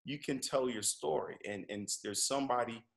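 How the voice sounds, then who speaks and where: Casting: a man guesting on a show, relaxed storyteller, mid-pitched, conversational. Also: a little fast, creaky. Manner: relaxed, rambling, with frequent restarts. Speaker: comedian and podcast host, guest.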